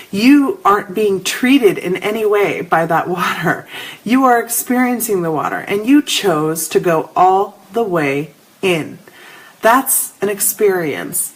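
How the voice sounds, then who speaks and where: A woman's voice: medium pitch, slightly rough, rough recording. A middle-aged woman hosting a spiritual live show, telling stories and chatting casually with viewers she names as she goes. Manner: animated storytelling, addresses viewers by name.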